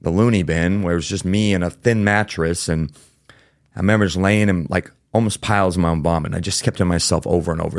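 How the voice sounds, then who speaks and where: A man with a very low, gravelly voice speaks as a podcast guest. He talks in a casual, candid way, full of fillers and now and then a swear word. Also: steady tone, fast talker, no room sound, clean studio sound. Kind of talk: candid storytelling in a podcast interview.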